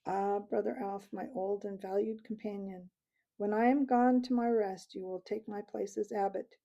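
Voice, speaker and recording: A woman reading the part of a dying old male abbot mouse, speaking slowly and tenderly. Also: mid-range voice, fairly even intonation, gravelly, mellow, lo-fi sound. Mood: gentle, fatherly. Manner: slow, tender, fatherly.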